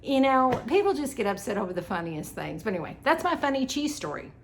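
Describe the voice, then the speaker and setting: A woman's voice: fairly high pitch, very animated, fast, slight background noise. A woman chatting casually while preparing food in her home kitchen, lighthearted and laughing easily, saying "y'all.". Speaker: vlogger and wellness coach.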